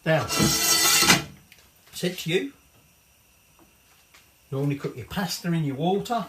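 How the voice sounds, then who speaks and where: A middle-aged man with a Northern English accent chats his way through a cooking tutorial in his home kitchen, swearing casually. His voice is a little high and fairly bright, picked up from a distant mic in an echoey kitchen.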